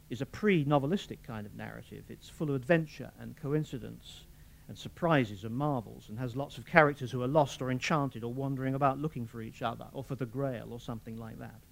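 Older man, measured literary talk. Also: mid-range voice, creaky. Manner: measured, dry and articulate. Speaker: novelist reading and discussing his work. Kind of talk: reading aloud and lecturing.

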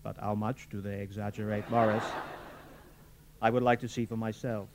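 A man voicing a seductive, persistent woman, speaking low and soft in a murmuring way. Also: level tone, normal speed, noisy background, natural voice. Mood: coaxing.

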